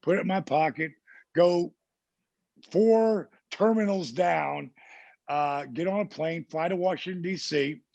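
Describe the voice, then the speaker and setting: A man from New Jersey, a podcast guest, telling a casual story in an animated way and acting out the people he quotes. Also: a little high, measured pace, gravelly, no echo, lo-fi sound. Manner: animated anecdote teller who acts out the people he quotes.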